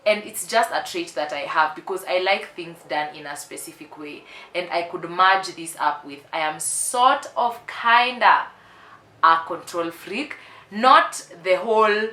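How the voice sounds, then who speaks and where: A woman's voice: on the low side, a little slow, sharp tone. A woman in her twenties talking candidly and emphatically in a casual confessional vlog, repeating herself for effect. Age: 20s. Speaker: vlogger. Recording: roomy echo.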